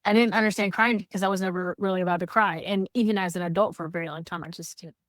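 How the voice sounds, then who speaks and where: A woman co-hosting a podcast, talking candidly in casual heartfelt chat, animated when she quotes others. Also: fairly low pitch, racing, dry recording, clean studio sound. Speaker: podcast co-host.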